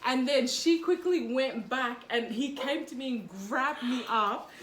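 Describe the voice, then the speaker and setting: A Fijian woman telling a story in casual chat over a meal, animated and laughing, with lots of fillers. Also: high-pitched, a little slow. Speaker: co-host. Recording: echoey room with background noise. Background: clinking cutlery and dishes.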